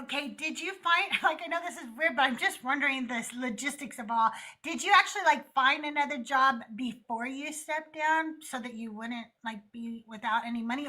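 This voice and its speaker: A middle-aged woman with a high, bright voice hosts a casual call-in chat. She talks candidly and bluntly and gets animated as she tells her stories. She swears freely. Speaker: host.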